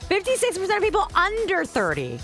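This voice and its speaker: A woman co-hosting a morning radio show, bubbly and quick to laugh. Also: extremely high pitch, wildly swooping pitch, fairly bright tone, faint music behind. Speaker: radio co-host. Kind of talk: radio banter. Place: radio studio. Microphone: studio mic.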